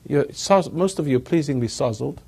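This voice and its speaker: A man's voice: fairly high pitch, lively intonation, fairly quick, vocal fry, mellow, husky. A man giving a rambling talk to a live audience, chuckling at his own jokes as he tells stories. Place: evening gathering with an audience.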